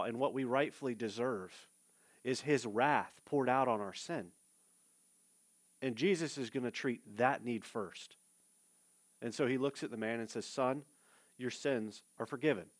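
A male pastor preaching a sermon, casual and direct, with fillers and asides to the congregation. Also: mid-range voice. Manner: conversational preaching with fillers, addresses listeners directly.

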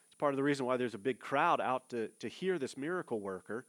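A man's voice: medium pitch, expressive, quick pace, fairly bright tone. A male pastor preaching a sermon, casual and direct, with fillers and asides to the congregation. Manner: conversational preaching with fillers, addresses listeners directly.

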